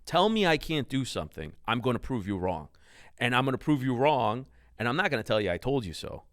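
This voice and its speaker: Forceful, profane male interview guest. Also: mid-range voice, sing-song, brisk, no room sound, clean studio sound. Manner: emphatic and profane, driving storyteller. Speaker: podcast guest, company founder. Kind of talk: casual interview.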